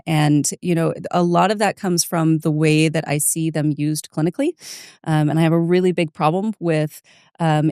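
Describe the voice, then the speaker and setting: Brief: woman clinician, low voice, earnest, dry close mic. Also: dark tone, smooth, no echo. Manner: earnest, frank clinical opinions. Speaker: nurse midwife, podcast co-host. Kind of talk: casual medical podcast chat.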